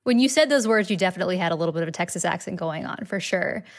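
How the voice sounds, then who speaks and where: A woman's voice: lowish voice, lively intonation, rapid-fire. A woman from Massachusetts, a linguist, answering interview questions in a casual, chatty way. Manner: casual, chatty, with many fillers.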